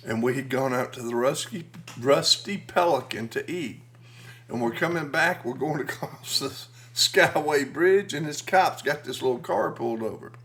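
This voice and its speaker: A man's voice: medium pitch, normal speed, fairly bright tone. A middle-aged man telling a family story as a podcast co-host in casual chat, folksy and crude, teasing the others.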